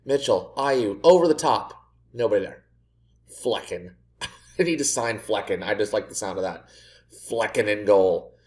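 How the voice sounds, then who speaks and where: A man's voice: lowish voice, unhurried, a little mellow. A man commentating as he plays a football management game, sarcastic and exasperated, often ranting at his own team. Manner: sarcastic, exasperated self-mocking rants. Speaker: gaming video creator. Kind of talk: let's play commentary.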